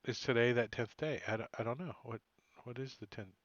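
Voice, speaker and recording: A man's voice: medium pitch, a little fast, dry recording. A man running an online tabletop game as game master, talking loosely and thinking aloud. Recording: dull, dry lo-fi mic.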